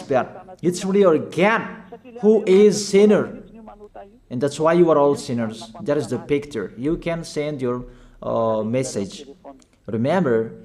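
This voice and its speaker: Slow, urgent preacher man, higher voice. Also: a little mellow. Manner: urgent exhortations in non-native English with slips; slow, emphatic, repeats commands. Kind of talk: sermon.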